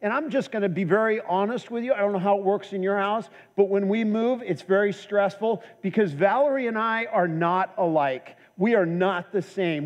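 A man with a high voice preaches in a church, mixing humorous personal stories with earnest appeals. His voice carries a long reverb from the hall around him. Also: a little mellow. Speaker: pastor. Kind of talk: sermon.

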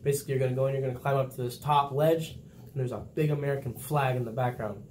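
A young man who is a Navy sailor, chatting casually and telling boot camp stories with lively, laughing delivery. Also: mid-range voice, fast talker, a little hiss or hum. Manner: animated storytelling, laughs often, acts out quotes loudly. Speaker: vlog host, Navy sailor. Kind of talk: casual chat.

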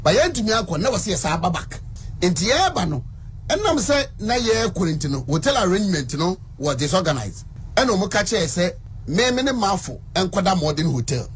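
A man's voice: high voice, big pitch swings, fairly quick, a little hiss or hum. A man with a Ghanaian accent recounting events step by step, switching between Twi and English. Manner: plain step-by-step storytelling. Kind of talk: narrated account in an interview clip.

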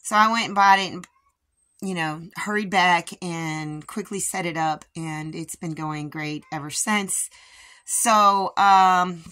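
A middle-aged woman with a hoarse voice, chatting casually and rambling with lots of fillers as she shows off her homestead. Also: fairly low pitch, slow, sharp tone. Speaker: homestead vlogger. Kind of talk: casual chat.

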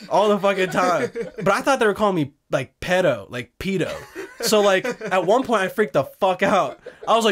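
A young man hosting a podcast, telling stories in a loose, animated way, swearing and laughing often. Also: high voice, moderate pace. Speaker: podcast host. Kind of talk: casual chat.

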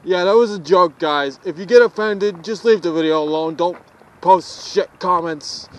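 High-voiced young guy vlogging outdoors. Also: normal speed, rough recording. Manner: joking, chatty, talks to viewers. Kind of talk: casual walking vlog. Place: outdoors on a road.

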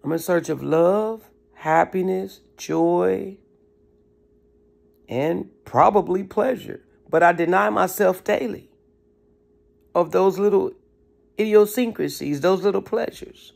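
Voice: mid-range voice, slow, vocal fry, a little mellow. A motivational speaker who talks in an emphatic, preachy way with casual slang. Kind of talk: motivational talk.

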